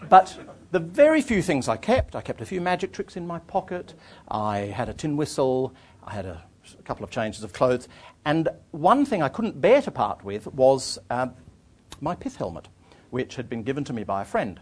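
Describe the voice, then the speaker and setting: A man, an author, telling travel anecdotes to an audience in a lively, self-deprecating way, often restarting his phrases. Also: mid-range voice, moderate pace, husky. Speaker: author giving a talk.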